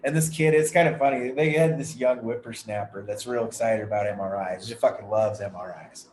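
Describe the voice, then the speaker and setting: A man's voice: on the low side, brisk, a little mellow. A man hosting a podcast, telling a long, rambling story full of swearing in a casual chat. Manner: rambling, heavily profane storytelling. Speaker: podcast host. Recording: echoey room with faint noise.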